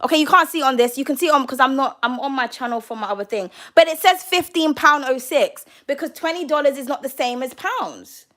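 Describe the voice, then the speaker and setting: A British woman giving a casual tarot reading, brash and profane and quick to laugh. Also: high voice, pushed and bright. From United Kingdom. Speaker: tarot card reader.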